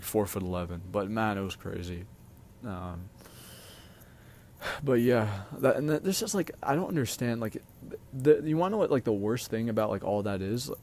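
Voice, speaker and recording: A young man with a fairly low voice tells personal stories straight to his audience. He rambles loosely, full of filler words and casual swearing. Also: a little mellow. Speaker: vlogger. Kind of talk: casual storytime monologue.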